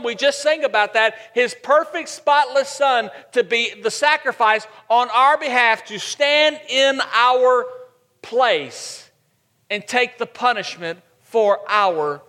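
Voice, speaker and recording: A man's voice: extremely high pitch, bright, forceful tone, long reverb tail. A man preaching a sermon as pastor, asking rhetorical questions and repeating points for emphasis.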